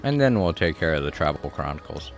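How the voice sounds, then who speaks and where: A man streaming a video game, chatting casually with relaxed, rambling asides. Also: a bass voice, brisk, faint music behind. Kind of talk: casual gameplay commentary.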